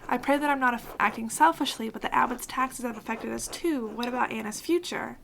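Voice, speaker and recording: A woman's voice: on the high side, fairly quick, vocal fry, a bit bright, slight background noise, rough recording. A woman voicing a worried, devout baker's wife, reading game dialogue aloud earnestly.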